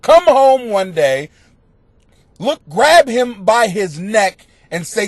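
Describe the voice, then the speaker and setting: A man hosting a comedy podcast, reading out listener questions and answering them in a crude, profane, mocking rant that swings into yelling. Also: sits high, sing-song, takes it slowly, dry recording. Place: home basement.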